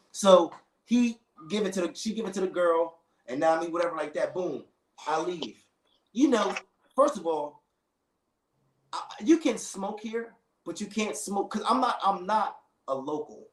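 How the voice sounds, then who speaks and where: A man with a fairly high voice tells a story in a relaxed, animated way, full of slang and acted-out quotes. The room around him is echoey. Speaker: storyteller in a casual conversation. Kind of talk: casual chat.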